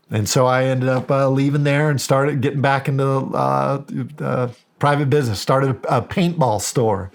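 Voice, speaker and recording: A man's voice: medium pitch, normal speed, creaky, few pauses. A middle-aged American man telling a story in a podcast interview, acting out the quoted dialogue with animation. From United States. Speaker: guest, county sheriff.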